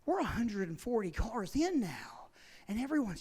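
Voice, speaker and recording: A middle-aged man doing stand-up storytelling, animated, swinging between loud shouting and hushed whispers. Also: high voice, normal speed, slightly rough. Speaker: stand-up comedian. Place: large theater stage. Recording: reverberant theater sound.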